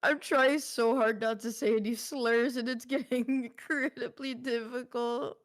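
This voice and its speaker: A woman's voice: fairly high pitch, steady tone, a little slow, no echo, clean studio sound. A woman co-hosting a casual watch-along stream, teasing and giggly. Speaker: vtuber co-host.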